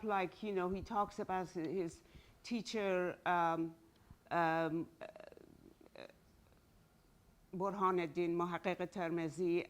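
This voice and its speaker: A woman with a Persian accent, answering a question after her academic presentation and stopping often to find her words. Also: fairly low pitch. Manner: thoughtful, searching for words.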